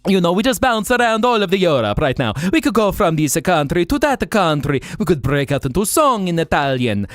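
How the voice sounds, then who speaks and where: A man's voice: high-pitched, very animated, fairly quick, no echo, studio quality. A man hosting a livestream in casual chat, playful and jumping between joke accents. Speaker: livestream host.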